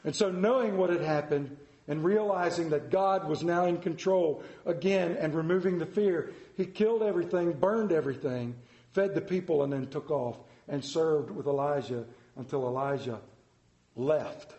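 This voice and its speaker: A man preaches in an easy, conversational way, turning to his listeners with questions. His voice sits fairly high for a man. The room around him is echoey. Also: normal speed, dark tone, muffled recording. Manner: conversational, asks the congregation questions. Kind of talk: interactive sermon.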